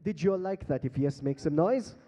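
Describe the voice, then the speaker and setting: This emcee and beatboxer, who has an Indian English accent, teases the audience into participating during a live conference. He speaks a little high and a little fast in a warm tone, with some hiss or hum in the audio. The sound comes through a handheld mic on a big hall stage, trailing long reverb.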